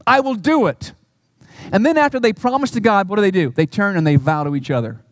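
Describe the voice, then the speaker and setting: High-voiced pastor, earnest sermon. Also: male voice, big pitch swings, fast talker, no echo. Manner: earnest, swings between emphatic peaks and soft low asides.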